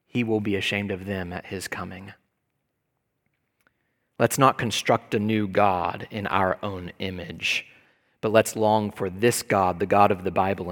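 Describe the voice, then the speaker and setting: A man, a pastor, giving an emphatic sermon that climbs to loud bursts. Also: on the low side. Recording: long reverb of a large hall.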